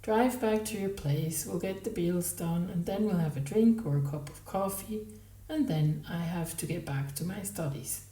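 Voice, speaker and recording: A woman reading a novel aloud, voicing a bewildered, awkward married man in plain, flat replies. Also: on the low side, moderate pace, distant mic, lightly acted. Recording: roomy, from the mic.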